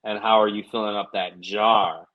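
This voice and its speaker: A man's voice: lowish voice, level tone, moderate pace, phone-quality sound. A man co-hosting a podcast, telling a personal story in an earnest, reflective way with plenty of fillers. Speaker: podcast co-host. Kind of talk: casual podcast chat.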